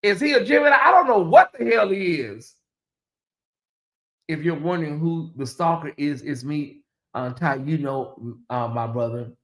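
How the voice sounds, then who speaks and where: A livestream host giving live gossip commentary in a blunt, profane, animated way, with big swings in pitch. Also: normal speed.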